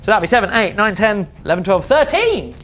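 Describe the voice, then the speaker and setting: A man's voice: sits high, very animated, brisk, background noise. A man playing in a tabletop game, chatting casually as a player. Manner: chatty, laughs easily.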